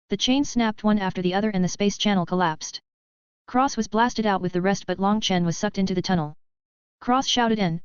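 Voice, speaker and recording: A woman giving steady, scripted narration of a web novel as an audiobook narrator. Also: mid-range voice, normal speed, clean tone, no room sound. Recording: dry, slightly dull lo-fi recording.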